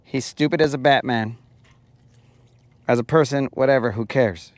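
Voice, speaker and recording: A man's voice: medium pitch, moderate pace, no echo. A man hosting a fishing podcast, ranting jokingly and rambling in a casual livestream, keeps calling his listeners bro. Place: boat on a lake, outdoors.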